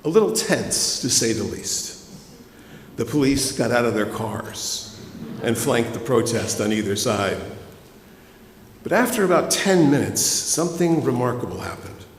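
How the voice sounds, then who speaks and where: A man's voice: mid-range voice, animated, a little slow. Man, minister, conversational sermon, storytelling, echoey church hall, faint background hum. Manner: conversational, addresses the congregation directly. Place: church sanctuary.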